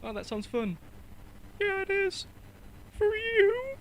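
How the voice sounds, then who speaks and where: A man doing an impression of a high, squeaky, sad male cartoon mouse. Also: sing-song, normal speed, a little hiss or hum, heavily acted. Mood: forlorn. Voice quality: falsetto squeak.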